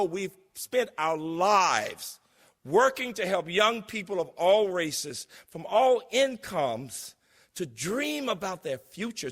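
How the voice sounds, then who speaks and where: A man's voice: high-pitched, sharp tone. A man in his sixties giving an emphatic, story-filled conference speech as a university president, recorded in a large lecture hall. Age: 60s. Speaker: keynote speaker, university president. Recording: long reverb of a large hall.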